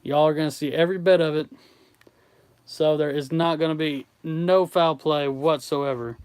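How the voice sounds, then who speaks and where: A Southern-accented man from Tennessee hosts a laid-back art livestream. His voice is smooth and clear and sits a little high. He rambles easily as he answers the chat's questions. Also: fairly even intonation, moderate pace, darkish tone, no room sound. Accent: Southern American. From Tennessee, USA. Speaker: artist streamer. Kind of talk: casual livestream chat with viewers.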